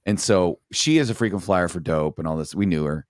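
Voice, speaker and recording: A man's voice: low-pitched, a little fast, dry recording, studio quality. A middle-aged man, a former police sergeant, telling blunt, profane stories from the job in a casual podcast chat.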